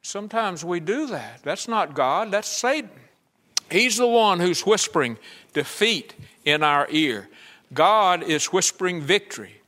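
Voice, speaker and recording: A man's voice: high-pitched, lively intonation, unhurried, sharp tone. A man preaching a conversational sermon at a church service, acting out the voices he quotes.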